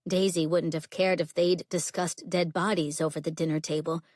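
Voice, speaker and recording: A woman reads a romance novel aloud as a steady audiobook narrator. Her voice sits on the low side, and the recording is dry and close, with no room sound. She slips into drawled voices for the characters. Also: moderate pace, no room sound. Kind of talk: scripted narration.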